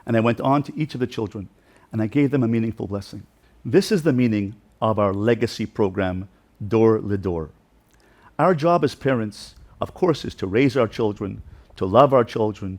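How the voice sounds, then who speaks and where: Earnest rabbi with emphatic lists. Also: male voice, fairly low pitch, moderate pace. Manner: builds emphatic repeated lists. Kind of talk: inspirational talk.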